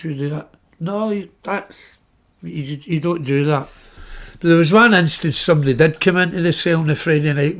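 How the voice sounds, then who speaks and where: On his podcast, a middle-aged man from Glasgow, Scotland, speaking with a Glaswegian accent in a voice on the high side, recounts personal stories. He's blunt, swears without restraint, and performs the quoted dialogue himself.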